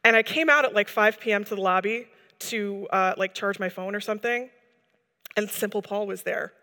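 A woman's voice: medium pitch, moderate pace, sharp tone. Earnest woman telling a story in a hall. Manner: earnest, rambling storytelling with many "like"s. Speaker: church member giving a testimony. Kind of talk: personal testimony to a gathering.

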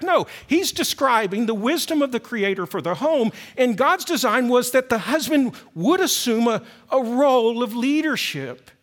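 High-voiced male pastor preaching, very animated up and down, asks the crowd questions, goes almost whispery on big points. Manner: emphatic, drops to near-whispers on key phrases; rhetorical questions to the congregation. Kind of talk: sermon.

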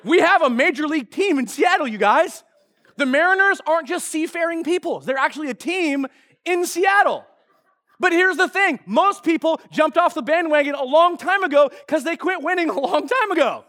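A middle-aged male pastor preaching a sermon, telling a story with jokes and lively energy. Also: very high voice, moderate pace. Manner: animated, joking storyteller.

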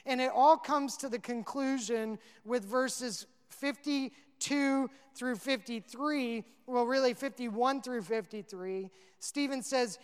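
A man's voice: extremely high pitch, a little slow, hardly any pauses, smooth. A male pastor preaching a sermon, earnest and rising to emphatic peaks. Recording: long reverb of a hall.

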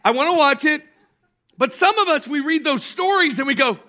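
A man pastor preaching a sermon with emphatic bursts of shouting, calling on the congregation to answer back. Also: extremely high pitch, expressive, moderate pace. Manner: calls on the congregation to respond.

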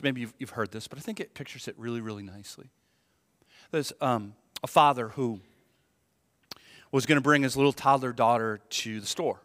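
Animated preaching man, bright voice. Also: a little high. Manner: animated storytelling, acts out voices in the story, swings from loud to hushed. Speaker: pastor. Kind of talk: sermon. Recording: long hall reverb.

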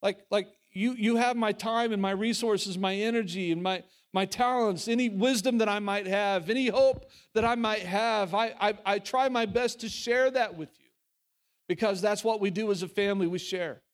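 A high-pitched male pastor delivering a sermon. He speaks with earnest conviction and stumbles and restarts often. He drops suddenly into quiet, intimate lines, then lifts again to press a point. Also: normal speed.

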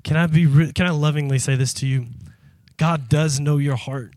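Male pastor, high bright voice, fiery emphatic sermon delivery, dry close sound. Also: fairly even intonation, normal speed, dry recording. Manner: impassioned, emphatic preaching; speaks directly to the congregation. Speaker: pastor and youth worker.

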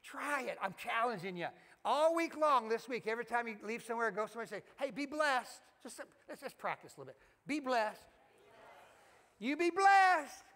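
A man's voice: very high voice, lively intonation, fast talker, few pauses, bright, forceful tone, in a large hall. A man with a Southern US accent preaching a sermon as a pastor, folksy and exhorting, with fillers and restarts. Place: church sanctuary.

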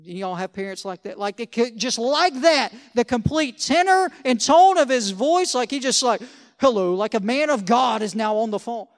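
A man's voice: extremely high pitch, animated, moderate pace, hardly any pauses. A man preaching a sermon as pastor, conversational, with joking asides and rhetorical questions.

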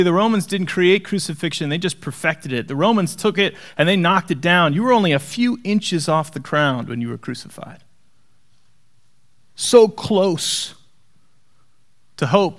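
A male pastor with a notably high voice delivers a dramatic sermon. He sinks into hushed near-whispers for weight and slips in playful asides to his congregation.

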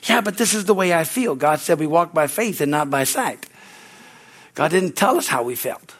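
High-voiced fervent Southern pastor preaching. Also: male voice, animated, normal speed, a bit bright, husky. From Southern United States. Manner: fervent preaching with call-and-response asides. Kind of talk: sermon. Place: church service.

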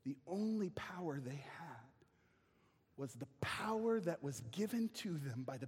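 Animated pastor with a high, husky voice. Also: male voice, unhurried. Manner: animated, acts out voices and sounds. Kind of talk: sermon with personal story. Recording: church hall reverb.

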